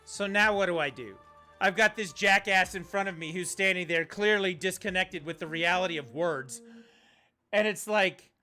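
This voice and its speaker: A man's voice: high-pitched, moderate pace, bright, forceful tone, faint music behind. A man streaming a video game, chatting casually and ranting bluntly, with some profanity. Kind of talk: casual livestream chat while gaming.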